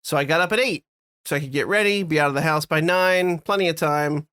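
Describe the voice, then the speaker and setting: Man, podcast co-host, rambling storyteller, self-deprecating, slightly high voice, dry recording. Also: fairly quick, sharp tone, smooth, no echo. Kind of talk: casual podcast chat.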